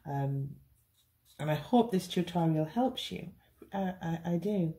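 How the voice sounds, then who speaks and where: A woman's voice: fairly low pitch, expressive, unhurried, warm tone. A woman teaching a beginners' cake decorating tutorial, chatty and reassuring. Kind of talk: hands-on baking tutorial.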